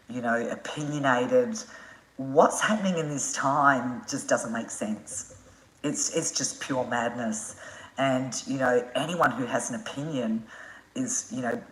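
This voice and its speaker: Very low-voiced Australian woman, chatty. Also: roomy sound, rough recording. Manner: frank and chatty, swears freely, laughs often. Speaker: adventure motorcycle traveller answering viewer questions. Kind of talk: casual live-stream chat.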